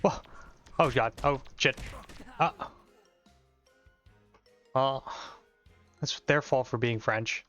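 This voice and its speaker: A man's voice: mid-range voice, takes it slowly, long pauses, fairly bright tone. A young man chatting casually as he streams and plays an indie game. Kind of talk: casual gameplay commentary. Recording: slightly muffled mic with faint music.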